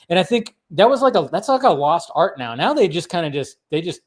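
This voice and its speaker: Casual podcast co-host, male, 30s, rambling and animated, slightly high voice. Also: fast, hardly any pauses. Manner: rambling, animated, lots of fillers and restarts. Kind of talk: casual chat.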